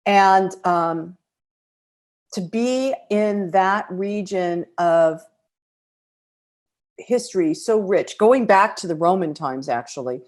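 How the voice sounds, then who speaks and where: A middle-aged American woman hosting a podcast, telling a personal travel story in a reflective, emotional way with pauses. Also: lowish voice, lively intonation, a little mellow. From United States. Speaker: podcast host.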